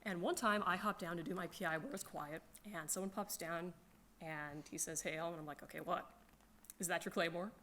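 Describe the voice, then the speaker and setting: A woman telling casual, animated stories about her gaming group, laughing often and acting out her friends' lines. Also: lowish voice, fairly quick, slight background noise. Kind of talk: casual storytelling to a crowd.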